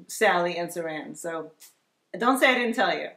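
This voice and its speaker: A woman's voice: on the low side, animated, normal speed, creaky, fairly bright tone. Chatty woman vlogger in an echoey room. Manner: enthusiastic, chatty. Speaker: vlog co-host. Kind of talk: casual chat, reading viewer comments aloud.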